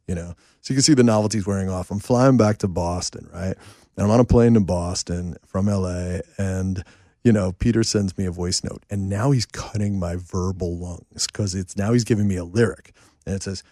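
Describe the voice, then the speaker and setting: A man who writes and produces songs, telling a rambling, lively story as a guest in a casual chat at home, full of fillers and asides. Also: sits low, fairly quick, no echo, clean studio sound. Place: a home, indoors.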